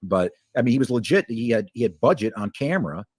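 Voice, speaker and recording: A man in a casual stream chat, rambling quickly with many restarts. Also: mid-range voice, very animated, a little mellow, slightly rough, no echo, clean studio sound.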